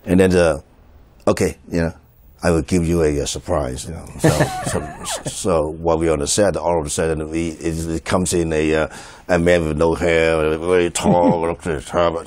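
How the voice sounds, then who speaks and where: A man, a film director, giving a commentary and recalling a shoot, speaking haltingly with many fillers and restarts and frequent chuckles. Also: sits low, darkish tone.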